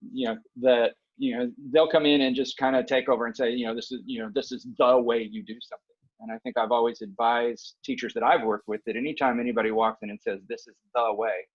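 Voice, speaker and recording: On a muffled recording, a man with a mid-range, breathy-edged voice talks as a guest on a podcast. He's a university director of bands offering sincere, emphatic advice conversationally and frequently asking "okay?" and "right?".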